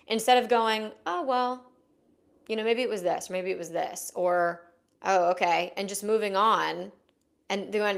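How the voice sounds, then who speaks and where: A young adult woman hosting a casual self-help podcast, chatty and frank, often slipping into quick acted-out inner dialogues. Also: mid-range voice, creaky. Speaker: podcast host.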